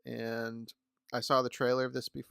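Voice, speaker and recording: Man, podcast co-host, matter-of-fact, gravelly voice, dry sound. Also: medium pitch, completely flat delivery, normal speed, bright, forceful tone, no echo. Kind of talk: casual chat.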